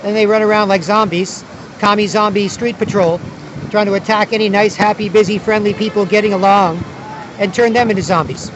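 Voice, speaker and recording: High-voiced man rambling outdoors. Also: steady tone, a little fast, noisy background. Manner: rambling and repetitive, with many restarts. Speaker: vlogger. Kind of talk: casual outdoor monologue. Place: outdoors at a big city square by the water.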